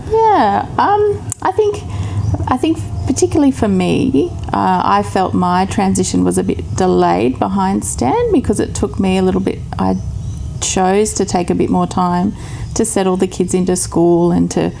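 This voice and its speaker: An Australian woman with a slightly gravelly voice, answering interview questions reflectively. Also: mid-range voice, expressive, mellow, slight background noise. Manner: reflective, measured. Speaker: returned missionary.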